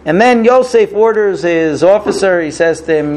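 A man casually retelling a scripture story as a teacher, animated, with fillers. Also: high-pitched, moderate pace, hardly any pauses.

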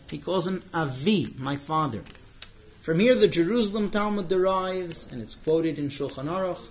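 High-pitched guy teaching a torah lesson, dramatic storytelling, muffled lo-fi audio. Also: a bit bright. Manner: dramatic storyteller, slows down for tension. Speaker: religious teacher.

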